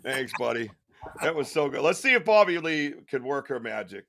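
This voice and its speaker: A man's voice: mid-range voice, very animated, moderate pace, a bit bright, dry recording, clean studio sound. A man hosting a live podcast, chatting casually in a rambling way, swearing and laughing at his own stories. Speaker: podcast host. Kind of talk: casual live-stream chat.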